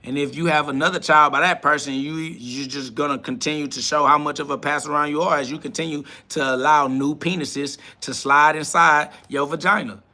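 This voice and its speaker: A man's voice: a little high, steady tone, brisk, hardly any pauses, bright, forceful tone. A man hosting a live stream, ranting combatively and profanely while answering chat comments.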